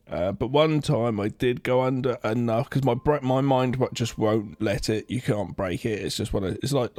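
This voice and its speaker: A man's voice: fairly low pitch, a little mellow, dry recording. A man co-hosting a podcast, talking casually and with enthusiasm about a film, swearing freely. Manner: enthusiastic, swears, rambling restarts. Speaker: podcast co-host. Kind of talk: casual film review chat.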